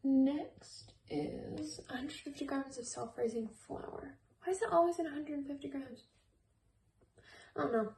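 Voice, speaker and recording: A woman's voice: sits high, measured pace, creaky, dark tone, reverberant, distant mic, a little hiss or hum, low-quality recording. A woman chatting casually while baking for her channel, playful and goofy. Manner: playful, goofy, makes silly noises. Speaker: YouTuber baking on camera. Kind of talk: casual baking vlog chat. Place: home kitchen.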